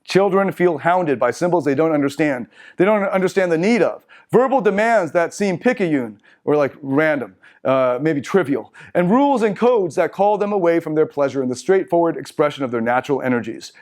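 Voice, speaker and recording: At a moderate pace and with hardly any pauses, a man lectures a group from slides in a meeting room. His voice is a little high, expressive and darkish in tone as he reads passages aloud and then riffs on them casually with asides.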